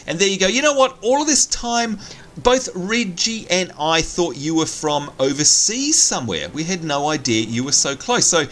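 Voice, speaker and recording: Australian man, game commentary host, higher voice, excitable chatter. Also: normal speed.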